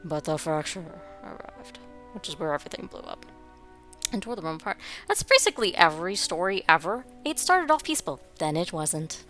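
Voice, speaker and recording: A woman's voice: lowish voice, very animated, a little fast, fairly bright tone, soft background music. Sarcastic woman playing a video game. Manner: wry, sarcastic asides. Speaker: game streamer. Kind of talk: gameplay commentary.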